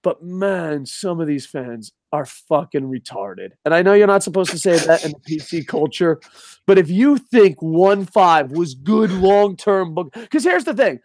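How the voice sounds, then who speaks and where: High-voiced man ranting profanely. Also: animated, measured pace, darkish tone, no room sound, clean studio sound. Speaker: podcast co-host. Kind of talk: casual wrestling talk.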